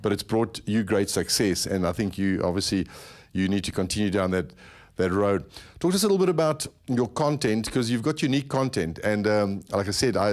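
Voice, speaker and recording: Man, podcast host, quick delivery, lowish voice, rambling, repeats himself mid-thought. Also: darkish tone. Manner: rambling, repeats words while thinking. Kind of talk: conversational interview.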